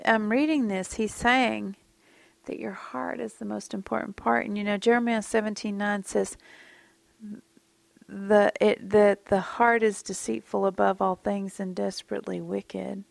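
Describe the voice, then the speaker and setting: A woman teaching from the Bible in a musing, conversational tone, sometimes sinking nearly to a whisper. Her voice has a gravelly edge, and the recording is dry and close with little room sound. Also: medium pitch, no room sound.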